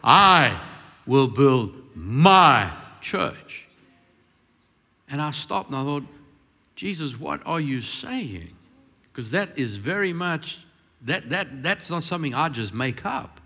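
A man preaching a sermon as pastor, swinging between emphatic, drawn-out declarations and quieter, confiding storytelling. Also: on the high side, animated, in a large hall.

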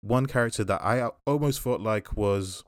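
A man's voice: on the low side, moderate pace, dry recording, studio quality. A man casually reviewing a film in a podcast chat, rambling and thoughtful with frequent fillers.

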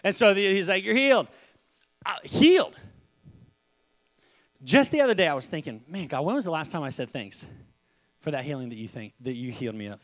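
High, lively young preacher. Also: male voice, fast. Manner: acts out stories, shouts in bursts, often repeats words. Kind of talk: animated sermon storytelling.

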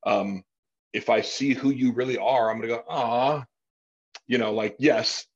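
A man's voice: medium pitch, fairly even intonation, moderate pace, slightly rough, lo-fi sound. A man hosting a podcast in casual conversation, rambling with lots of fillers and some swearing. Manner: rambling, many fillers, profane. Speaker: podcast host.

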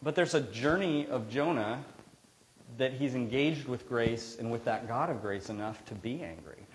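Conversational preacher in a church. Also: male voice, mid-range voice, normal speed, slight background noise, low-quality recording. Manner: conversational, earnest, with restarts. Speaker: pastor. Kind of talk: sermon. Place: church sanctuary.

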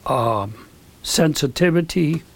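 A man's voice: on the high side, slow pace, creaky. An older man telling stories as an interview guest, rambling with asides and acting out the voices of people he quotes. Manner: animated, acts out quoted dialogue. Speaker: guest, recording engineer. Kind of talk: storytelling in an interview.

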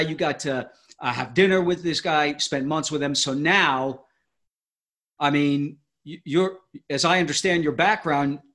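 A male podcast host with a fairly high voice works through his questions slowly and hesitantly, circling back and restarting his sentences as he thinks aloud. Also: fairly bright tone. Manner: hesitant, many fillers and restarts. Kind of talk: interview conversation.

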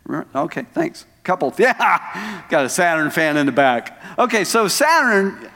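Male pastor preaching, chatty with the crowd, voice a bit high, echoey church hall. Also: a bit bright. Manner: conversational preaching with asides to the congregation. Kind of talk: sermon. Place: church sanctuary.

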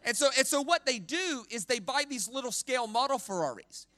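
A man's voice: very high voice, a little fast, no room sound. A man preaching a sermon, who leads the crowd in repeating words and often restarts his phrases. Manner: animated, leads the crowd in call-and-response repetition. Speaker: guest preacher.

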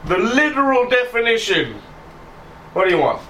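A man's voice: sits high, big pitch swings, normal speed, a bit bright, distant mic, slight background noise, pitched above the performer's own voice. A man doing Dougie, a grumpy old thief. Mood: grumbling. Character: grumpy old retired male thief with bad knees.

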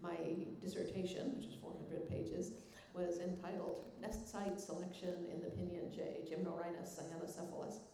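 An older woman answers audience questions in a slightly low voice, rambling and chuckling through plenty of fillers. Her voice rings through a big echoey hall over faint background noise. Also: little pitch movement, normal speed, few pauses, warm tone. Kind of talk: relaxed Q&A answers.

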